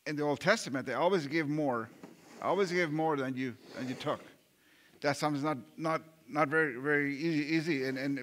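A man preaching a sermon with a bright, forceful voice pitched a little high. He talks earnestly, stumbles over repeated words and restarts, and keeps asking his listeners questions. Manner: rhetorical questions to the congregation. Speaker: pastor.

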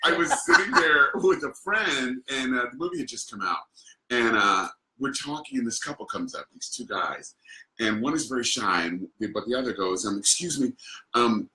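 A man's voice: mid-range voice, sing-song, normal speed, sharp tone, echoey room, rough recording. A man who works as a voice actor, a guest on a casual interview chat, telling anecdotes in an easygoing way and chuckling often.

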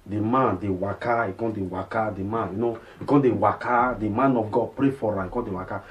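Chatty Nigerian Pidgin-speaking vlogger. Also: male voice, lowish voice, steady tone, fairly quick, lo-fi sound. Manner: chatty, repeats himself, many fillers and "you understand?". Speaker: vlog host. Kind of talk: casual commentary.

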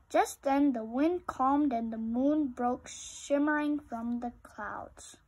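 A woman reading a children's picture book aloud with slow, expressive storytelling. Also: high-pitched, breathy edge, rough recording.

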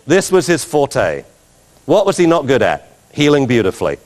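A man giving an animated talk as a dog trainer, telling stories with laughter and mimicked sounds. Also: medium pitch, normal speed, big-room sound. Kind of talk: animated anecdotal lecture.

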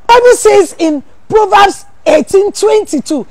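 A woman pastor, preaching a sermon full of rhetorical questions, teasing asides and sudden shouted emphasis. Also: high voice, lively intonation, unhurried, vocal fry.

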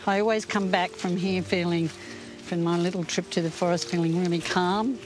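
An older woman talking casually and warmly outdoors in a forest, gentle, heartfelt and enthusiastic. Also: lowish voice, steady tone, normal speed, music in the background, low-quality recording. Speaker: interviewee. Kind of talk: casual conversation.

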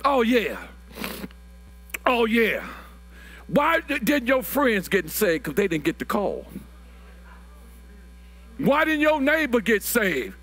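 A man, preaching a sermon that builds to shouted, drawn-out phrases, often repeating words. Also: very high-pitched, very animated, faint music behind. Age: 60s.

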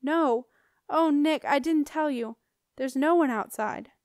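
Emotional teen girl read by a woman, high and breathy, dry sound. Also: slow pace, a little mellow, no room sound. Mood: anxious.

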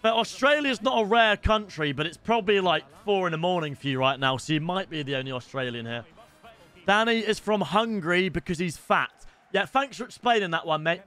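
Excitable sweary British streamer, bright voice. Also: male voice, sits high, fairly quick, faint music behind. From Britain. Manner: swearing, excitable outbursts, chats to viewers. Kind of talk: casual game stream chat.

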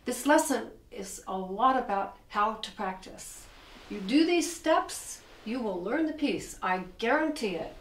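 Brief: middle-aged female piano teacher, bright higher voice, keen and explanatory, picked up from a distance in a roomy space. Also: lively intonation, measured pace. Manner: enthusiastic, explains while playing, counts beats aloud. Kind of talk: piano lesson. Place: room with a piano. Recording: echoey room, distant mic.

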